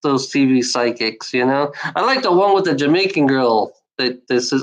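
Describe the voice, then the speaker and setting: A woman's voice: extremely low pitch, sing-song, normal speed, hardly any pauses, poor audio. A woman in a casual rambling monologue, swearing freely and often breaking into laughter.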